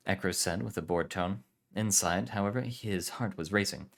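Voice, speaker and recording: A man calmly narrating a story for a relaxed listen. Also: low voice, normal speed, gravelly, few pauses.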